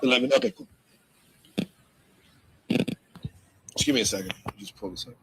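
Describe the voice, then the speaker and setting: A man interviewing someone, asking questions in an easygoing way with some halting restarts. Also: mid-range voice, wildly swooping pitch, creaky, a bit bright, a little hiss or hum, rough recording.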